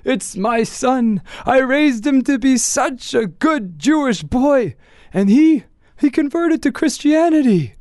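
A man's voice: very high voice, lively intonation, slow, a little mellow, dry recording, studio quality, voice pushed up, exaggerated voice. A man voicing a grieving old man in a folk tale, wailing and lamenting. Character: grieving old man mourning his son.

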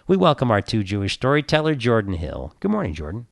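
A man who is a rabbi hosting a radio show, telling an old joke as a lively storyteller. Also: on the low side, quick pace, vocal fry, few pauses, soft background music.

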